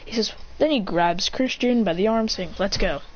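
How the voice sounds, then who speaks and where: A woman improvising a fan story, rambling and excited, with many restarts and sound effects, on a dull lo-fi recording. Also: fairly high pitch, moderate pace.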